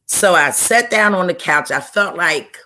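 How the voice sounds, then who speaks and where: A woman's voice: lowish voice, lively intonation, bright, forceful tone. Earnest woman telling a personal testimony. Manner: slow, earnest storytelling with repeated phrases. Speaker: guest author. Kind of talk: emotional personal testimony in an interview.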